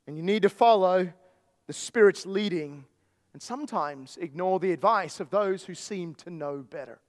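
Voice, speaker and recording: A pastor preaching a sermon, emphatic at times and then dropping into low, quiet asides. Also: male voice, normal speed. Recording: long hall reverb.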